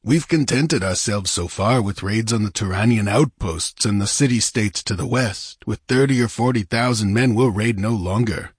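A man's voice: lowish voice, normal speed, hardly any pauses, husky, no room sound, studio quality. A man reading aloud, voicing a hot-tempered, ambitious male bandit chief with a commanding, sardonic manner. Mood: domineering, scornful.

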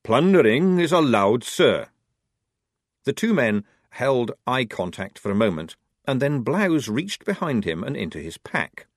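Anlatım yapan canlı sesli adam. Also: male voice, medium pitch, normal speed, few pauses, no room sound, clean studio sound. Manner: expressive, varied delivery. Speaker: audiobook narrator. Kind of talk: scripted narration.

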